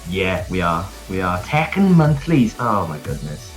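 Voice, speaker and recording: Casting an online fighting game tournament from his home, this Welsh-accented caster from South Wales keeps his live stream commentary playful and works up the viewers. He speaks low with big pitch swings at a measured pace, over soft background music.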